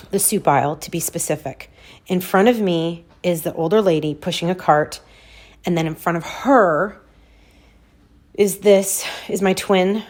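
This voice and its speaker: A woman in her forties hosting a podcast, animatedly telling a personal story to listeners and acting out her own reactions. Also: fairly low pitch. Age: 40s. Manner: animated, addresses listeners as "you guys", acts out her reactions. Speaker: podcast host.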